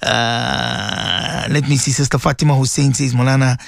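A man's voice: mid-range voice, fairly even intonation, measured pace, vocal fry, fairly bright tone, no echo, clean studio sound. A man giving an impassioned radio sermon, repeating himself and calling out to his listeners. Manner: fervent, repetitive, calls out to listeners. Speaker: radio religious teacher.

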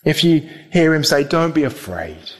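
A male preacher delivers a sermon with earnest conviction. His voice sits a little higher than most men's. He presses his points home with a run of direct rhetorical questions. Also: big pitch swings, moderate pace.

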